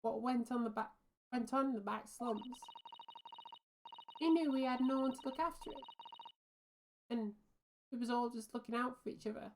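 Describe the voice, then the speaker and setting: A woman's voice: fairly high pitch, a little hiss or hum, close to an everyday voice. A woman voicing a frightened young working-class female witness in a put-on Irish accent, hesitant and nervous. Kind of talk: game dialogue read aloud.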